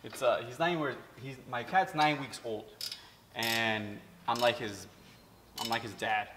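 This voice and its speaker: A man's voice: medium pitch, unhurried, in a large hall, noisy background. A man, a mechanic, chatting casually as he works in his repair shop, explaining each step and swearing now and then. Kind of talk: casual how-to vlog.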